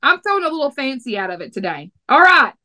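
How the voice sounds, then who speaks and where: A chatty woman with a Texas accent hosts a podcast, teasing her guest in a playful way. Her voice sits high. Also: sing-song, very fast, sharp tone, muffled recording. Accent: Texan. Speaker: podcast host. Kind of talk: casual podcast chat.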